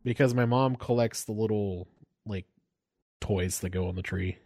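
A man's voice: fairly low pitch, normal speed, a little mellow. A man chatting casually with friends, teasing and laughing, swearing freely. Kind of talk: casual group chat.

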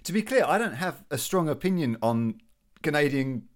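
A man's voice: a little high, sing-song, normal speed. A British man hosting a casual interview, thinking aloud with hesitant repeats. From Britain. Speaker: podcast host.

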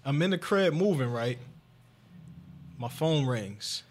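A man hosting a podcast, telling a story in casual chat, animated and profane, jumping into a high excited voice when he quotes himself. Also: slow, a little hiss or hum. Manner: animated, swearing, acts out his own lines in a high excited voice. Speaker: podcast host.

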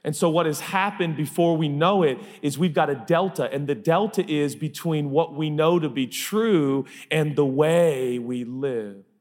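A man's voice: fairly high pitch, unhurried, few pauses, a little mellow. A man preaching a sermon as pastor, emphatic and repeating phrases for effect, in a large church hall. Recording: long reverb of a large hall.

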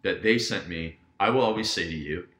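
A man talking casually as a podcast guest, telling animated stories and acting out what people said. His voice is low but bright and forceful. The recording has a roomy echo. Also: brisk. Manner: animated, acts out quoted dialogue. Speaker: guest business coach.

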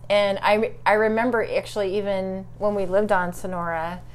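A woman's voice: medium pitch, level tone, normal speed. A middle-aged woman interviewing an old friend in a friendly, encouraging way, with murmurs of agreement as she listens. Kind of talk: casual conversational interview.

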